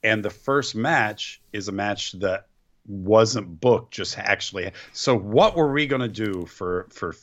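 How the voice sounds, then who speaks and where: A man's voice: lowish voice, expressive, takes it slowly, fairly bright tone, muffled recording. A man co-hosting a wrestling podcast, bantering in a playful, joking way and throwing in slang. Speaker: podcast co-host. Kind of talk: casual wrestling chat.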